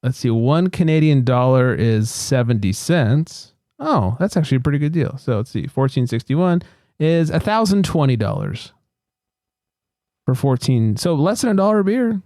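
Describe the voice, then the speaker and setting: A man's voice: medium pitch, expressive, normal speed, dark tone, dry recording, studio quality. A man hosting a beer podcast, reading news items in a laid-back, joking way and swearing casually.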